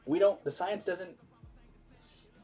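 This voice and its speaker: A man's voice: sits high, slow, dark tone. Earnest man praying, faint music behind. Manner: earnest, emphatic, many restarts. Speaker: vlogger leading a prayer. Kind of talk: spoken prayer and informal preaching.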